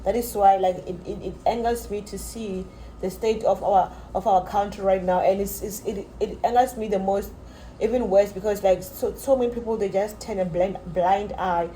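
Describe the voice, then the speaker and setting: A woman's voice: medium pitch, steady tone, moderate pace, dark tone, slight background noise, rough recording. A young woman from South Africa rants straight to her viewers, repeating herself, restarting sentences and calling them guys. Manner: repetitive, addresses viewers as guys, many likes and restarts. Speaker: vlogger. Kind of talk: frustrated direct-to-camera rant.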